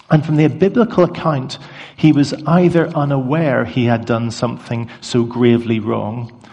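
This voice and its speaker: Middle-aged male preacher, conversational and self-deprecating, gravelly tone, long hall echo. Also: medium pitch, darkish tone. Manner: conversational, self-deprecating, with short pauses and fillers. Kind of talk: sermon.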